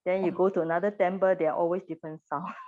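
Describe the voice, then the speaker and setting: A woman teaches pronunciation in a classroom and patiently repeats each sound for her students. Her voice sits slightly low. The recording is dull and lo-fi. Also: flat delivery, fast talker.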